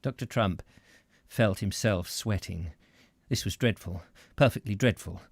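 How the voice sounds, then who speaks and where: Guy reading a novel aloud, slow, bouncy voice, dry close sound. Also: on the low side, husky, no room sound. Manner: expressive, lively narration with occasional slips. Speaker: audiobook reader. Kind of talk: scripted narration of a novel.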